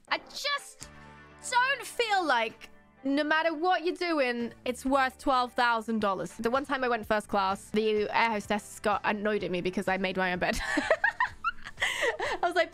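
A young woman streamer doing casual reaction commentary, excitable, laughing often and swearing freely. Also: on the high side, smooth.

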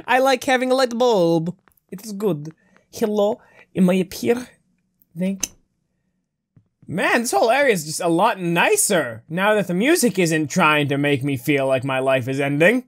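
Excitable woman commenting on a game. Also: on the low side, unhurried. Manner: playful, excitable, joking. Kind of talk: let's play commentary.

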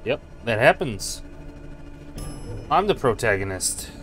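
A man's voice: medium pitch, big pitch swings, takes it slowly, a bit bright. Goofy man streaming a game over music. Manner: goofy, taunts enemies, slips into silly voices. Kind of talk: casual let's-play commentary. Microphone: USB condenser mic.

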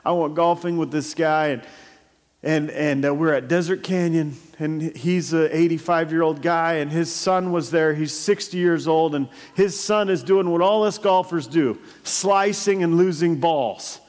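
A high-voiced male pastor delivers a sermon at an unhurried pace, telling stories and breaking into sudden loud bursts. His voice rings with a long reverb through a church hall.

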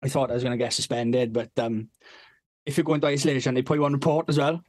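A man's voice: mid-range voice, level tone, fast, no room sound. A young man telling a school story in casual podcast chat, swearing constantly, laughing and acting out what others said. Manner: sweary, giggling, acts out quotes. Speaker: podcast co-host.

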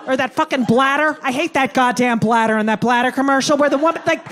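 A woman performing a stand-up comedy set, telling a story in a brash, profane, animated way. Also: high-pitched, fast talker. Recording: live club set with faint audience.

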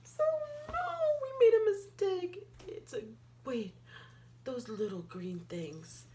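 A woman reading a picture book aloud to a child, playful, with gasps and excited outbursts. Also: a little high, takes it slowly, slight background noise. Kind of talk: animated read-aloud storytelling.

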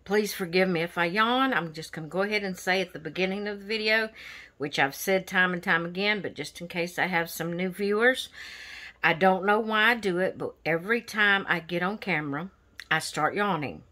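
A woman with a lowish voice and a sharp tone speaks at a moderate pace. On her own coloring channel, she casually rambles in a show-and-tell vlog, using lots of fillers as she displays her finished pages.

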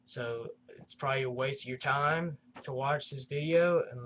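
A man's voice: medium pitch, normal speed, muffled recording, slight background noise. A young man ranting in a vlog, complaining and repeating himself with many restarts, recorded at home. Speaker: YouTube reviewer. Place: at home near his action figure collection.

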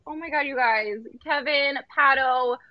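A young woman hosting a livestream battle, excitable and gushing, with quick laughs, over dull lo-fi phone audio. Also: sits high, dry recording.

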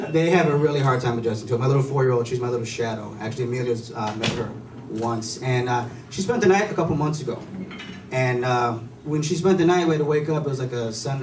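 A man's voice: fairly high pitch, echoey room, recorded from a distance, noisy background. A man performing a stand-up comedy set, telling loose, chatty stories with lots of fillers. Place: comedy club stage. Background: room ambience and audience laughter.

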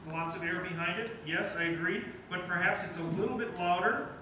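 Heard from a distance in a reverberant rehearsal room, a man with a high, bright voice coaches a wind band. His tone is brisk and forceful as he questions and encourages the players in his role as clinician.

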